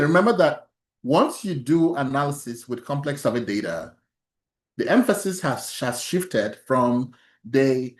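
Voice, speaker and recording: A male instructor lecturing an online statistics workshop. He asks his students questions, laughs softly, and often restarts his sentences. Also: on the high side, reverberant.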